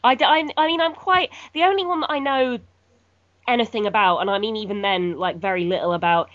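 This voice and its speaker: A woman's voice: mid-range voice, fairly quick, fairly bright tone, no room sound, dull audio. Dry, teasing British woman. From United Kingdom. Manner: dry, teasing, swears freely. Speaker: podcast co-host. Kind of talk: casual chat.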